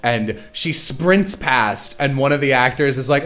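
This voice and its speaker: A man's voice: on the high side, unhurried, a crowd in the background. A man hosting a casual livestream chat, retelling stories with lots of laughter and quoted voices. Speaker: show creator and stream host.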